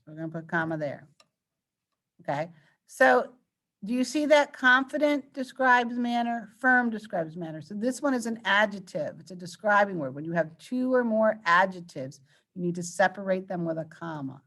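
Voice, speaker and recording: A woman's voice: mid-range voice, expressive, moderate pace, fairly bright tone. A woman teaches an online class in a patient, coaxing way, asking her students question after question. Her voice sits in the middle of the usual range and comes through a computer mic on a video call.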